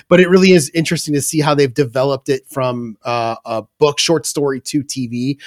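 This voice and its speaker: A man's voice: medium pitch, no echo, studio quality. A man co-hosting a writing podcast in easygoing, chatty conversation. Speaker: podcast co-host. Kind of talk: casual chat.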